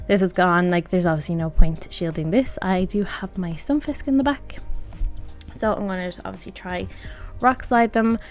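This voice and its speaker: A woman's voice: fairly low pitch, normal speed. A woman giving casual, self-mocking commentary over her own gameplay, laughing often at her mistakes. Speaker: gaming video creator. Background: background music.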